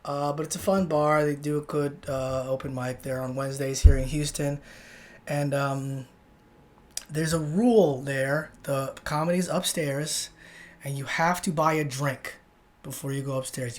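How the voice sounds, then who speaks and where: A young man from Texas hosting a solo podcast, telling a rambling story with many restarts and casual swearing. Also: fairly high pitch. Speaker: podcast host.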